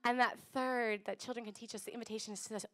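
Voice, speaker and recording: A woman pastor giving a casual, animated sermon and acting out voices, streamed over a video call. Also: a little high, fast talker.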